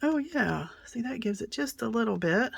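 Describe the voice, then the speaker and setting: A middle-aged woman hosting a craft tutorial, telling rambling stories while she works, often dropping to a soft near-whisper. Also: fairly high pitch, expressive, normal speed, gravelly, breathy edge, dry recording. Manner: chatty, rambling, many fillers and restarts. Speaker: craft channel host.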